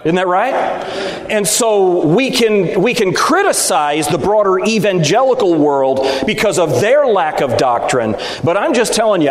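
A middle-aged Baptist preacher delivers an emphatic sermon in a big, echoey sanctuary. His voice sits a touch high for a man and rings out with a long reverb. He keeps tossing rhetorical questions at the room to make sure they are with him. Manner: emphatic, rhetorical, seeking agreement from the audience. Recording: echoey hall, speaker at times off mic.

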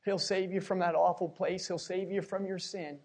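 A middle-aged man from Pennsylvania preaching a sermon, telling a personal story with emotion and repeating his words as he swings from hushed to loud. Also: high voice, steady tone, moderate pace, breathy edge.

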